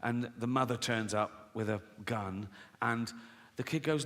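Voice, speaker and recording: A man's voice: mid-range voice, steady tone, normal speed, fairly bright tone. A man doing a stand-up routine, telling stories in a profane, sardonic way and acting out the voices. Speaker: stand-up comedian. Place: theater stage. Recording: live in a large reverberant hall with faint noise. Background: audience laughter.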